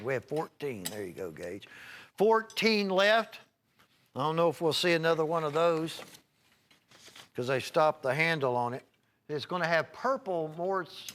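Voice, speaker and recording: A man's voice: mid-range voice, fairly bright tone, slight background noise. Folksy rambling shopping-channel man. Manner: folksy, rambling, reels off prices and item numbers. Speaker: home shopping host. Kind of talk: live televised sales pitch.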